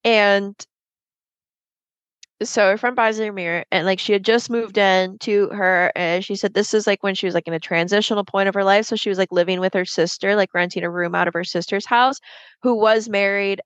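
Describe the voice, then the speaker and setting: A woman's voice: mid-range voice, fairly even intonation, normal speed, no room sound. A woman co-hosting a podcast, telling a ghost story in casual chat, rambling with lots of fillers and swearing freely. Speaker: podcast co-host. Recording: dull lo-fi dry sound.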